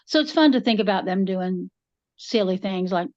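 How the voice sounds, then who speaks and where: A woman's voice: mid-range voice, expressive, normal speed, darkish tone, no room sound. Folksy woman, dull dry sound. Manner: folksy storyteller, drawling, acts out voices in anecdotes. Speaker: podcast co-host. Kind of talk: casual chat.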